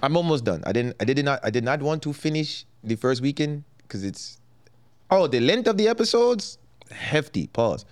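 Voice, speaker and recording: A man co-hosting a podcast in casual chat, relaxed and thinking aloud with pauses. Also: fairly high pitch. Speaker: podcast co-host.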